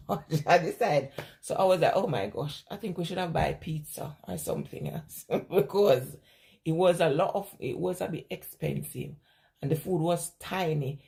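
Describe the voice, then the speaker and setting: A woman's voice: on the low side, gravelly, mellow. A woman, chatting casually as a vlogger, telling rambling stories, laughing often and answering viewer questions. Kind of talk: casual chat.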